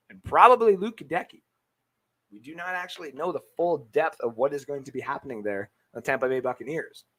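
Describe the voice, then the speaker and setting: A man's voice: sits high, pushed and bright. A man hosting a live-streamed football talk show, brash and hyped, swearing freely and answering viewer comments from his webcam setup. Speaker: sports podcast host.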